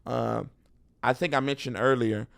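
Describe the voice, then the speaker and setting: A man's voice: medium pitch, moderate pace, gravelly. A man, a stand-up comedian with a Texan accent, chatting casually as a podcast guest and acting out crowd voices as he tells stories. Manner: animated storyteller, acts out crowd voices. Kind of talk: casual interview chat.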